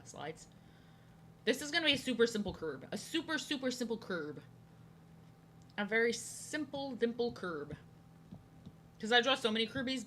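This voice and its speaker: A woman's voice: medium pitch, bright, forceful tone, slight background noise. A young woman chatting casually with her viewers while she draws on a stream, rambling from thought to thought. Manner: rambling, chatty, reacting to chat. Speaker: art streamer. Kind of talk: casual chat while drawing.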